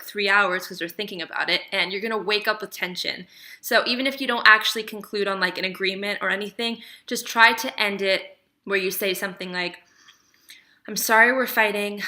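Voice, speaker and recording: A woman's voice: medium pitch, sharp tone. A woman talking casually to camera, giving relationship advice in a chatty, emphatic way and often checking in with the viewer.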